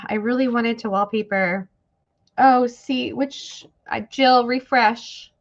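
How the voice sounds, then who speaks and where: Woman, live sale host, casual rambling chat, slow, gravelly, dull audio with faint hiss. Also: a little high. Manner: chatty, rambling, thanks viewers by name. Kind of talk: casual live-stream selling.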